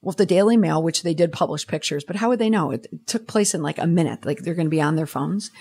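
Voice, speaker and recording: A woman's voice: low-pitched, fast, breathy edge. A woman hosting a solo podcast, reading out listener messages and answering them with sarcastic, exasperated commentary. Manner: animated, swooping delivery. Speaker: podcast host.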